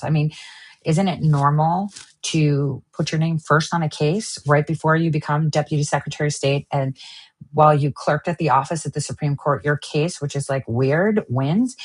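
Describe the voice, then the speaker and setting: A woman with a low, husky voice hosts her own streamed show. She rants in a heated, profane way and jumps between topics. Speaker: online show host. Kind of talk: angry political rant.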